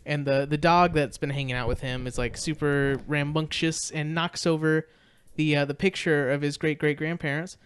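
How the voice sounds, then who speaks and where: A man's voice: fairly high pitch, fairly even intonation, normal speed, hardly any pauses, a bit bright, clear, resonant tone. A man co-hosting a podcast, recapping a movie in casual chat, rambling with lots of fillers and restarts. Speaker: podcast co-host.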